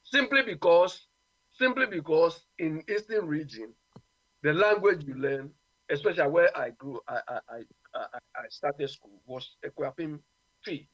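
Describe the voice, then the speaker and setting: A man's voice: fairly high pitch, a little slow, fairly bright tone, dry recording, highs cut off. A man from Ghana with a Ghanaian accent, arguing his views on a radio talk show and often asking "you understand?". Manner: emphatic, repeats "you understand?". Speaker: radio guest.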